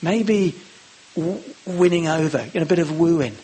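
A man preaching a sermon, acting out the lines of the Bible characters with lively emphasis. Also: sits high, moderate pace, breathy edge.

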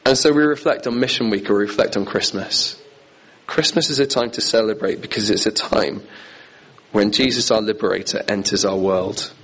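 A man's voice: lowish voice, moderate pace, a bit bright, slightly rough, low-quality recording. A man preaching a sermon in an earnest, emphatic way, repeating key phrases.

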